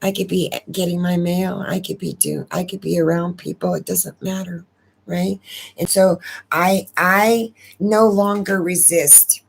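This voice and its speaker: A woman's voice: fairly low pitch, steady tone, measured pace, vocal fry, husky. A woman hosting a casual live stream, talking in a rambling, emotional way and repeating words as she goes. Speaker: astrology channel host.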